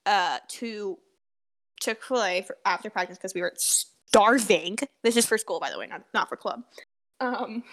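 A woman's voice: fairly high pitch, a bit bright. A teenage girl co-hosting a podcast, telling a story in casual chat, laughing often and swearing freely. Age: teens. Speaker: podcast co-host.

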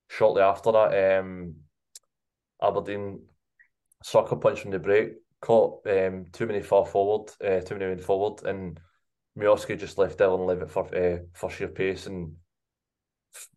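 A man co-hosting a football podcast, giving measured analysis. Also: deep voice, a little mellow. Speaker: podcast co-host.

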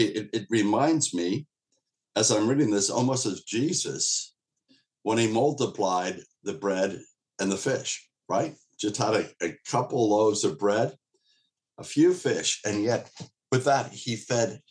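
A pastor teaching a Bible passage to an online group in a casual, conversational way, often repeating words and restarting phrases. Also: male voice, on the low side, a little slow, a little mellow. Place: streamed church teaching session.

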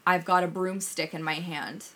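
A woman co-hosting a casual podcast chat, telling a story in an animated way and swearing often. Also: on the low side, moderate pace. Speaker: podcast co-host.

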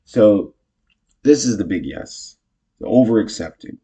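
Low husky man teaching improv. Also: a little slow. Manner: chatty, self-correcting, animated when acting out lines. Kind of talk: casual teaching talk with acted example lines.

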